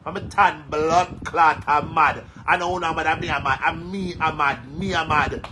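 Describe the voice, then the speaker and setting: Jamaican man, sharp bright voice, heated cursing rant, repetitive, social media commentary. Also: fairly high pitch, fairly even intonation, normal speed, a little hiss or hum, low-quality recording. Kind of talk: angry rant to followers.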